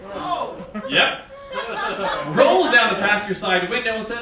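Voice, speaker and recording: A man in his thirties from Northern Virginia performing a stand-up comedy set in a wry, sarcastic, animated way, recorded from a distance on a small theater stage. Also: sits high, a little slow, very noisy. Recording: echoey theater from far off. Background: live audience laughing.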